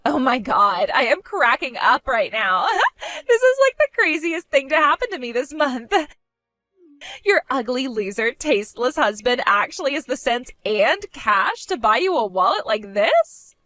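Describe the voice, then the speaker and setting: A woman's voice: high voice, big pitch swings, moderate pace, bright, forceful tone, no echo, faint music behind, full character voice. A woman voicing a spoiled, bratty young woman who taunts her older sister in a mocking, sing-song way. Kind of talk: animated story voice acting.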